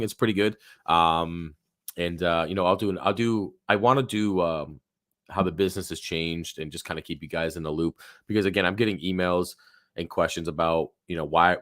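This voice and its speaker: A man with a deep, hoarse voice that's fading rambles through a live Q&A stream from his home office, full of fillers and restarts. His tone is fairly bright, and the sound is dry and close-miked.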